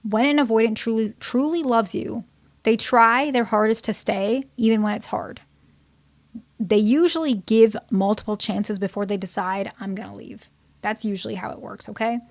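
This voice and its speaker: A woman's voice: a little high, normal speed, dry recording. A woman therapist giving relationship advice in a casual, conversational way, often checking in with "okay?" and "right?". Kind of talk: casual advice talk to her channel's viewers.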